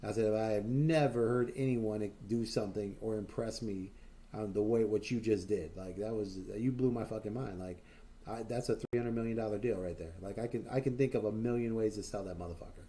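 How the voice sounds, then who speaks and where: Brief: male stream host, lowish mellow voice, loose profane rambling with lots of fillers, boastful enthusiastic stories. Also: a little fast. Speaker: livestream host. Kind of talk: casual chat.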